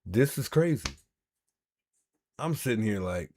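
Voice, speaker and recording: Animated man reacting. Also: mid-range voice, normal speed, heavy background noise. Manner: animated, repeats himself in disbelief. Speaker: livestream host. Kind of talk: casual reaction commentary.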